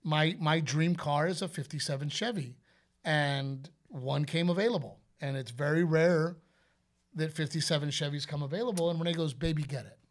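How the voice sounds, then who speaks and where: A man's voice: a little high, normal speed. A man, co-hosting a podcast and telling stories in a loose, chatty way. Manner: storytelling, loose and chatty with fillers. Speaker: podcast co-host. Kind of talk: casual chat.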